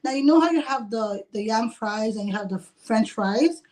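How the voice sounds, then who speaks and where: A woman who owns a restaurant chats on a video call in a casual interview, her voice on the high side, a little mellow, with lively intonation at a moderate pace. She is giggly and talkative, laughs often, and says "like" a lot.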